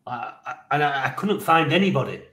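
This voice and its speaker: A man rattles through a story, rambling and lively, swearing freely and laughing as he goes. His voice sits at an ordinary middle pitch. The room around him gives it a noticeable echo. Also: fairly quick. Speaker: podcast co-host. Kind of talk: casual anecdote telling.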